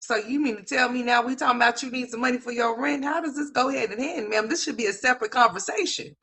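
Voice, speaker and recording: A woman commentator ranting with incredulous, profane, rapid-fire talk full of restarts. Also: fairly high pitch, fairly bright tone, slightly rough.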